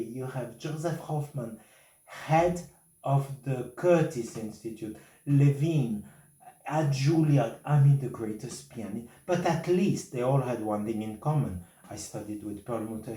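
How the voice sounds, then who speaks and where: Man coaching piano, mellow voice, roomy distant sound. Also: mid-range voice, lively intonation, unhurried. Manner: sings and scats rhythms to demonstrate; non-native English phrasing. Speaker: piano teacher.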